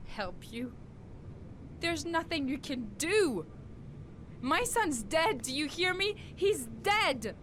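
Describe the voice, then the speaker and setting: A woman's voice: sits high, big pitch swings, slow pace, long pauses, fairly bright tone, heavily acted. A woman with a French accent voicing a guarded, hard-edged young woman in a video game, blunt and curt. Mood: anguished. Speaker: game character. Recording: clear background hiss.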